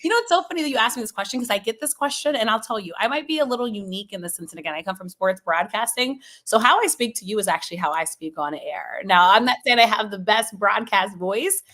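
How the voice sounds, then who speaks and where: A quick-talking woman from Maryland speaks as a guest in a casual interview. She is a sports journalist with a lively, chatty manner, often laughing and leaning on "you know". Her voice sits at a middle pitch. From Maryland, USA.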